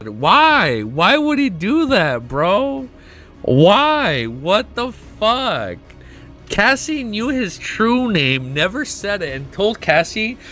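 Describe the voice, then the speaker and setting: A man with a slightly high, very animated voice reacts on a home livestream, reading passages aloud and then breaking into excited, emotional, profanity-filled outbursts. Soft music plays faintly behind him. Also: slow pace. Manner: excitable, emotional, swears constantly. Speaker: streamer reacting to a webnovel. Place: at home with his dog.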